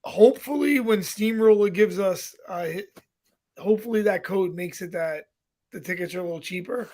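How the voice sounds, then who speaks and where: A man with a Brooklyn accent co-hosting a podcast, chatting casually and breaking things down in quick bursts. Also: sits high, darkish tone. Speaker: podcast co-host.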